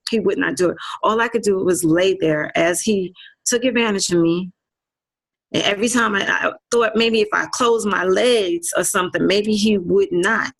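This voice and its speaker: A woman's voice: mid-range voice, creaky, a bit bright. A woman giving a personal testimony to an online audience, speaking earnestly, repeating phrases and often turning to listeners directly. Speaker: guest speaker.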